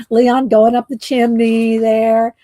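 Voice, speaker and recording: A woman's voice: mid-range voice, unhurried, mellow, no echo. A woman hosting a coloring livestream, chatting casually and rambling with fillers and restarts. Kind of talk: casual chat while coloring.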